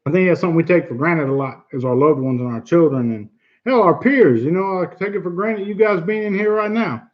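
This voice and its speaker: A man's voice: a little high, brisk, highs cut off. A man hosting a casual livestream chat, earnest and blunt, who swears easily and repeats himself for emphasis. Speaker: livestream host.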